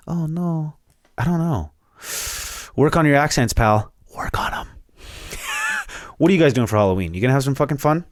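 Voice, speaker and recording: A young man talks alone into the mic for his podcast, in a voice on the low side. He rambles, swears freely and jokes around in a loose, casual way. The sound is dry and close, with no room echo. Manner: rambling, profane and jokey. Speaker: podcast host. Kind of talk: solo podcast monologue.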